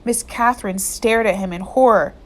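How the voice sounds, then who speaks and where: A woman reading a novel aloud in steady storytelling narration. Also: mid-range voice, normal speed. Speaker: audiobook reader.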